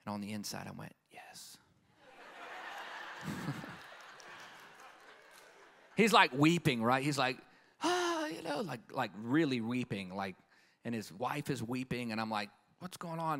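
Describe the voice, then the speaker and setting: A man's voice: medium pitch, big pitch swings, fairly quick, gravelly, fairly bright tone, slight background noise. A man preaching a live conference sermon as an evangelist, emphatic and storytelling, calling out for an amen. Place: conference hall with live audience.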